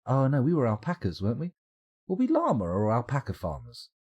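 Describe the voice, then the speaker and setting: Lively, husky man streaming. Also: lowish voice. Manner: jokey, rambling, reads chat aloud. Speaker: game streamer. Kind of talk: casual live-stream commentary.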